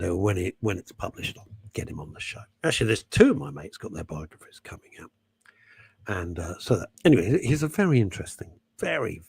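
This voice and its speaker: A man's voice: lowish voice, gravelly, husky, no echo. A man hosting a radio show, chatting casually and digressively, reading out listener names and laughing at himself. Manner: reads out listener messages and names. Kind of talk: casual rambling radio chat.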